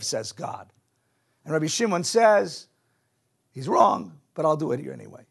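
Male teacher with a somewhat high, husky voice, animated, quizzes the audience. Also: measured pace, long pauses. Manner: animated, questions the audience, drops Hebrew and Yiddish words. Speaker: teacher of a Jewish text class. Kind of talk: lively teaching to a live audience.

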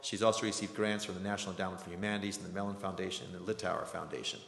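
Speaking rapid-fire in a low, steady, slightly bright voice with vocal fry, a man hosts a community lecture before an audience. He chattily gives announcements and introduces the speaker, tossing in jokes and many ums, while the hall echoes with faint background noise.

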